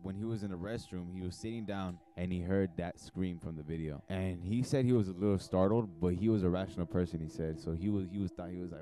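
A man's voice: low-pitched, fairly even intonation, brisk, few pauses. A man telling a creepy story on a podcast in a rambling way, often asking "right?". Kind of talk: casual storytelling.

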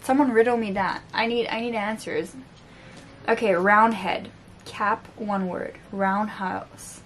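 Slow and steady, her mid-range voice carries a little hiss or hum. She is a French-accented book vlogger, low on sleep, casually unboxing books at home amid books on the floor while joking at herself and stumbling over her words.

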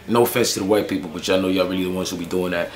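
A man's voice: sits low, fairly even intonation, very fast, crowd noise. A young man ranting to camera in a casual vlog, slangy and annoyed, with lots of fillers as he tells a story. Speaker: sneaker vlogger.

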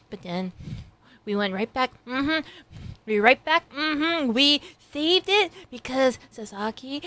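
A young woman reacting to an anime episode, gushing, squealing and laughing, then chatting casually to her viewers. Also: high-pitched. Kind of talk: excited reaction commentary.

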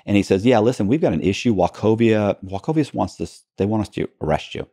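Man, low voice, animated storyteller, podcast guest, dry close mic. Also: fast, slightly rough, no echo. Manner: animated, acts out both sides of the dialogue.

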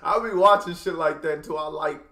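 A man hosting a casual music reaction, talking in a slangy, profane and excitable way. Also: a little high, fairly quick. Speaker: reaction channel host. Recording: echoey room with background noise.

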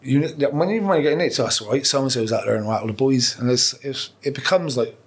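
Speaking fast in a mid-range voice, this man in his 40s appears as a podcast guest sharing his story. It's casual interview storytelling, frank and full of profanity, with plenty of rambling and false starts.

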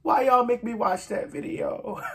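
Reaction vlogger, casual chat, emotional, near tears, laughs between sentences, fry in the voice. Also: medium pitch, expressive, a little slow.

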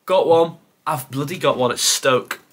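A man's voice: on the high side, unhurried, a bit bright, breathy edge. Man muttering through a quiz, sighing. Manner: mutters to himself, sighs, self-deprecating. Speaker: football content creator. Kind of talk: thinking aloud during a timed quiz.

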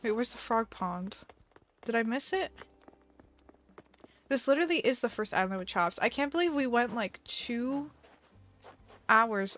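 A woman's voice: a little high, animated, moderate pace, long pauses, fairly bright tone. Giggly young woman streaming a game. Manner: giggly, dramatic mock panic. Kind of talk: casual live game stream.

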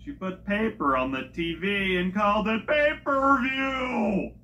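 A comedic joke teller with a punchy delivery who shouts each setup line before the punchline. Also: medium pitch, measured pace.

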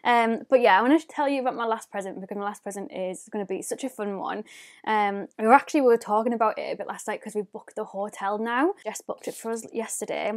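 A beauty YouTuber chats casually and rambles through an unboxing vlog of her presents, talking fast in a mid-range voice. Her speech is chatty and loaded with "like" fillers.

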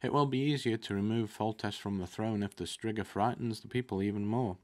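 A man reading the lines of a calm, terse male monster hunter in a storybook, speaking slowly and deliberately. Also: fairly low pitch, natural voice. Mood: cool. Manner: slow, deliberate, clipped.

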